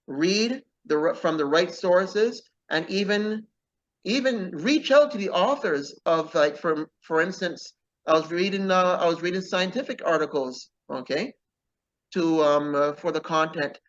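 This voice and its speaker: A man's voice: fairly high pitch, a little slow, dull audio. A man being interviewed as an author, talking earnestly and often tagging his points with "okay?". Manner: earnest, keeps adding "okay?" as a tag. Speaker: author guest. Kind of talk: casual interview talk.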